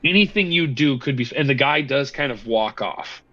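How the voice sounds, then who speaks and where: A man's voice: medium pitch, animated, moderate pace, bright, forceful tone, dry recording, highs cut off. A man running a tabletop game as game master, rambling and hesitant. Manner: rambling, lots of ums and uhs.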